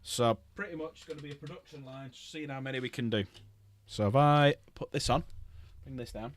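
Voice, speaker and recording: A man's voice: mid-range voice, a little fast. A middle-aged man rambling casually while he paints models on a livestream, swearing freely.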